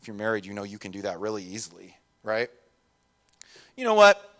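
A man's voice: on the low side, little pitch movement, fast, a bit bright, a little hiss or hum. A middle-aged male pastor giving a sermon in a casual, conversational way, with many fillers and restarts.

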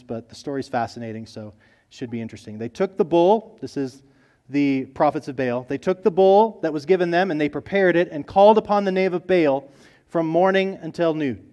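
A man preaching a sermon, earnest, swinging between loud emphasis and soft low asides. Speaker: pastor.

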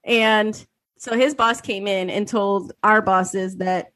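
A woman in her thirties co-hosting a podcast, telling an animated story with lots of swearing and acted-out quotes. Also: medium pitch, takes it slowly, dry recording. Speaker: podcast co-host. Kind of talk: casual chat.

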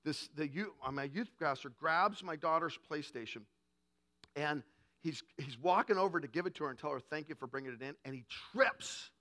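A middle-aged male pastor preaching a sermon in a high, bright voice. He moves between booming emphasis and quiet, conversational asides. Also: moderate pace.

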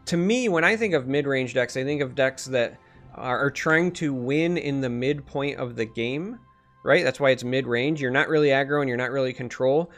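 A man co-hosting a streamed podcast, thinking aloud as he talks. His pitch sits mid-range for a man. Faint music plays behind him. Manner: thinking aloud with many restarts and fillers. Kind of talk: casual podcast chat.

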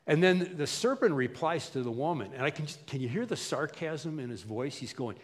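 A man preaching a sermon as a pastor, animated and conversational, often acting out the people he quotes. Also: mid-range voice, normal speed, hardly any pauses. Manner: animated, acts out quotes in voices. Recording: long hall reverb.

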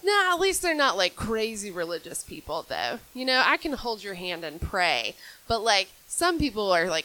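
A woman's voice: mid-range voice, pushed and bright, rough recording. A woman, doing a dry, self-deprecating stand-up set on a club stage. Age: 20s. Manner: dry, self-deprecating storytelling with acted-out quotes. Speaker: stand-up comedian.

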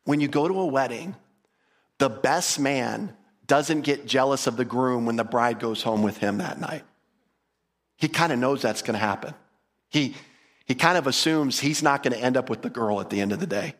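A man teaching a Bible passage in a lively, conversational way, often repeating words and putting questions to his listeners. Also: medium pitch, normal speed. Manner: animated, enthusiastic, repeats words, asks the audience questions.

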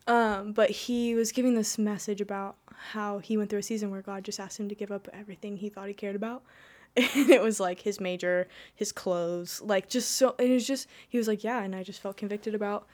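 A woman's voice: mid-range voice, steady tone, fairly quick, darkish tone. A young woman telling her personal faith story in casual conversation, rambling with lots of "like" and restarts. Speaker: guest.

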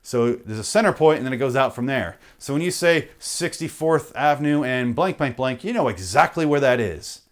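A man's voice: mid-range voice, expressive, moderate pace, hardly any pauses. A man hosting a podcast, ranting comically with heavy swearing and frequent self-interruptions. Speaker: podcast host. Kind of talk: comedic rant.

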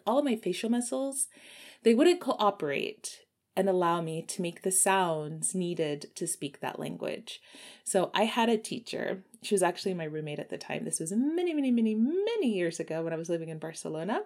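Woman, casual chat, fillers, reminiscing tone. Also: medium pitch. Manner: chatty, lots of fillers, reminiscing. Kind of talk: casual storytelling.

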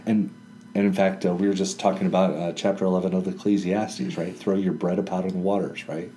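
A man's voice: low-pitched, flat delivery, fairly quick, warm tone, slight background noise. A man co-hosting a casual Bible study chat in a library, explaining ideas with everyday examples. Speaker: co-host discussing scripture.

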